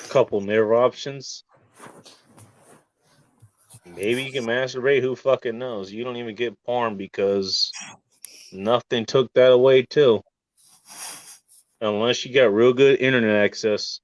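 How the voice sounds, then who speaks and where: A man delivers a swearing, mock-serious rant as the host, hammering rhetorical questions. His volume lurches from bursts to quiet mutters. The recording is dull and lo-fi, with a dry, close sound. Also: mid-range voice, steady tone, unhurried, pauses often, dry recording. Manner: swings from loud outbursts to near-murmurs.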